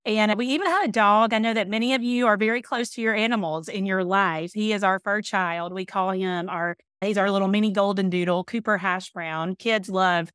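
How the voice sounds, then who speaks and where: A woman in her thirties with a Southern accent, talking openly and chattily as a podcast guest. Her voice is smooth and clear, and it sounds close and dry. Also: medium pitch, steady tone, moderate pace, hardly any pauses, no echo. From Alabama, US. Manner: open, chatty, warm storytelling. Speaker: podcast guest, speaker and author. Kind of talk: casual chat.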